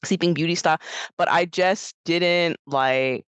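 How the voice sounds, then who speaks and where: A woman co-hosting a podcast, chatting casually about a film, animated and laughing often as she acts out lines. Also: lowish voice, a little slow, clean tone, dry recording, low-quality recording. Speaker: podcast co-host. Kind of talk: casual film review chat.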